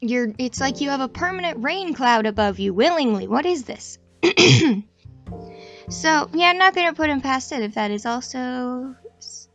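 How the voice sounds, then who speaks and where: A young woman in her twenties chatting casually, meandering and self-deprecating, often restarting her sentences. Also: a little high. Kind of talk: casual rambling chat.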